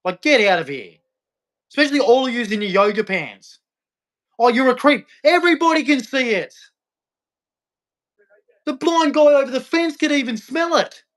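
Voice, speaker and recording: A man's voice: extremely high pitch, lively intonation, moderate pace, pauses often, a bit bright. A man, ranting about faith straight to camera in a repetitive, heckling, preachy way. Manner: repetitive, heckling, challenging the listener. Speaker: vlogger. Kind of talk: preachy religious rant to camera.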